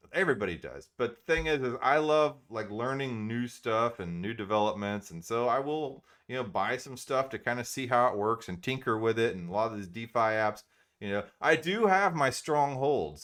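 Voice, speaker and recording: Middle-aged male host, casual rambling crypto commentary, animated pitch, filler-heavy. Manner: rambling, many fillers, self-deprecating laughs.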